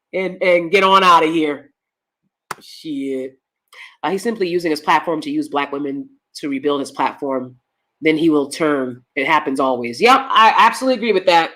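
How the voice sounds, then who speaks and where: Woman host, live-stream commentary; bright, edgy tone, blunt and profane delivery. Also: on the low side.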